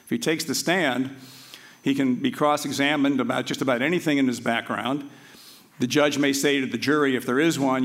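A man's voice: medium pitch, a bit bright. Male law lecturer, academic talk, hesitant with frequent fillers, chatty asides. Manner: halting, with frequent restarts and filler words; aside-prone and conversational.

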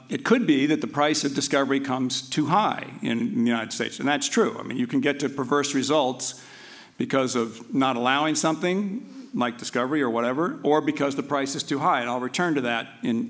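A man giving an academic law lecture, halting, with frequent restarts and filler words, drifting into conversational asides. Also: mid-range voice, a bit bright.

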